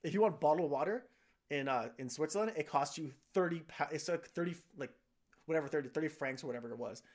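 A man's voice: a little high, fast talker. A man co-hosting a casual podcast chat, telling stories with many fillers and restarts. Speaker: podcast co-host.

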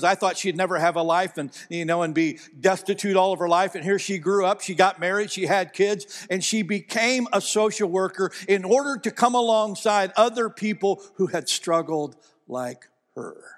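A man's voice: high voice, moderate pace, hardly any pauses. Man preaching a sermon in a hall. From Ohio. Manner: earnest storytelling that builds to animated, emphatic delivery. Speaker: pastor.

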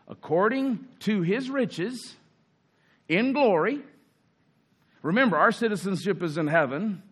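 A man preaching a sermon in an earnest way, rising for emphasis and slowing down on key phrases. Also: fairly high pitch, fairly bright tone. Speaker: pastor.

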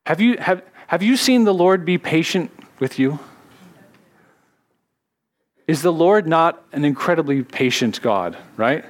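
A man's voice: fairly high pitch, lively intonation. Earnest man preaching a sermon. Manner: earnest, slows down to stress key words. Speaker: pastor.

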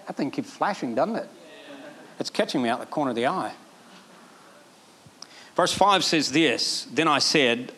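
A pastor preaching a sermon, animated, acting out quoted prayers in a raised voice. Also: male voice, on the high side.

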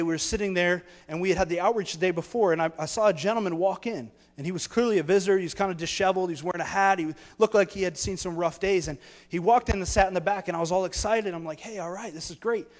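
A man's voice: high voice, long reverb tail. A man preaching a sermon as pastor, earnest and storytelling, building his points through repeated phrases.

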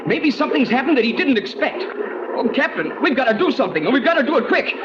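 An actor playing an eager, plucky teenage boy sidekick in a 1940s radio drama, with excitable boyish exclamations. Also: very high-pitched, fast talker, muffled recording. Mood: eager, worried. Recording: noisy old radio transcription, roomy.

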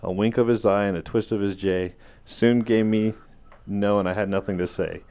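A low-pitched man reading a rhyming holiday parody poem on a podcast. His delivery is casual and hesitant, with stumbles and restarts, and he pokes fun at himself. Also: fairly even intonation, moderate pace, mellow, smooth. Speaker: podcast co-host.

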